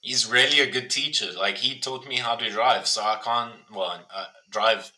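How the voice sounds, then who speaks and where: A man's voice: medium pitch, normal speed, sharp tone, rough recording. A young man co-hosting a podcast, telling crude stories in casual banter. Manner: crude, storytelling banter with frequent "bro". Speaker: podcast co-host. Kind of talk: casual chat.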